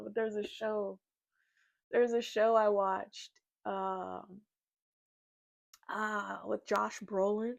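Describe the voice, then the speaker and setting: A woman tarot reader reading a channeled spiritual message from her notes in a halting way, laughing at her own stumbles. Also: mid-range voice, little pitch movement, creaky, no echo.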